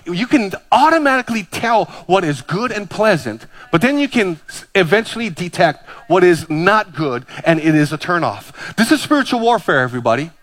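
A pastor in his fifties from Hawaii delivers a sermon in a slightly high man's voice. He keeps things lively with self-deprecating stories and quick jokes between the points. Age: 50s.

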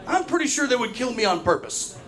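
A man's voice: extremely high pitch, big pitch swings, brisk, fairly bright tone. A young man doing a brash, profane stand-up routine full of stories. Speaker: stand-up comedian.

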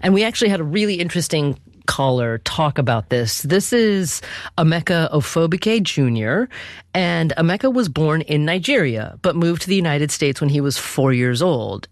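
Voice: medium pitch, no echo, clean studio sound. A radio show host who talks with guests and introduces callers in an engaged, emphatic, conversational way. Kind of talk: hosting a radio talk show.

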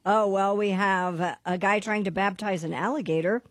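A woman's voice: mid-range voice, steady tone, moderate pace, no echo, clean studio sound. Woman reading radio news teasers. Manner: reads listener mail, previews news briefly. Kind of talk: casual radio banter.

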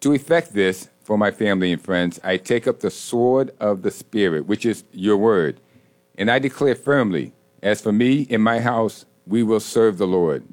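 A man's voice: on the low side, animated, normal speed. A man co-hosting a casual talk show who leads a spoken prayer and jokes with the others. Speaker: co-host.

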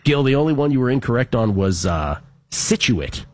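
A man's voice: medium pitch, expressive, quick pace, a little mellow. A man hosting a sports talk radio show, chatting casually and reading out listener messages with wry asides.

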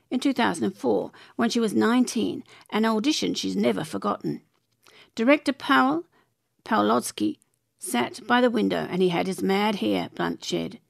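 Female voice-over for showbiz news: gravelly, slightly high, dry and close. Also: no echo. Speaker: narrator. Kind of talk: scripted entertainment news narration.

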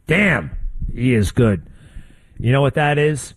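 A man's voice: medium pitch, lively intonation, takes it slowly, breathy edge, no room sound, raised voice, low-quality recording. An older man hosting a talk show, rambling through opinions with folksy, conversational asides. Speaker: radio host. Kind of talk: opinionated talk radio monologue.

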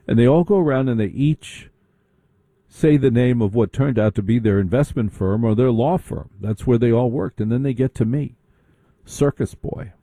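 A man's voice: medium pitch, normal speed, mellow, dry recording, studio quality. A man telling a long comic story with a mocking tone, slipping into put-on voices of the people he mocks.

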